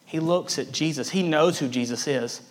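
A man's voice: on the high side, normal speed, a little hiss or hum. A man preaching a sermon as a pastor, earnest and emphatic, repeating words for stress.

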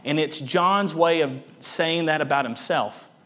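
A man's voice: a little high, a little slow, a bit bright. A man preaching a sermon as a pastor, earnest and emphatic, repeating words for stress.

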